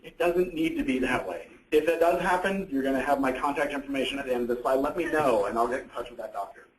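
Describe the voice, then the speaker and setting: A man's voice: medium pitch, fast talker, slight background noise. A man giving a conversational educational presentation, often asking a question and then answering it himself. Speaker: presenter on psychiatric issues. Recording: echoey room.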